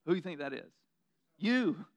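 In a relaxed, self-deprecating sermon, this pastor slips into mocking imitations of what others might say. He has a slightly high male voice with lively intonation at a moderate pace.

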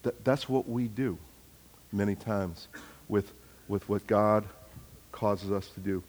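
A man's voice: lowish voice, slow pace, darkish tone, big-room sound, slight background noise. A middle-aged man preaching a sermon, telling family stories with acted-out dialogue and building to emphatic points. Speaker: pastor.

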